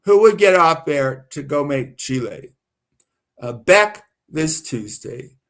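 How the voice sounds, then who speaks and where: A man from the American South rambles through live-stream commentary, circling back on his own words and flaring up indignantly. His voice sits a little high for a man, and he talks at an unhurried, drawn-out pace. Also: animated, a bit bright. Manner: rambling, repetitive, gets worked up and indignant.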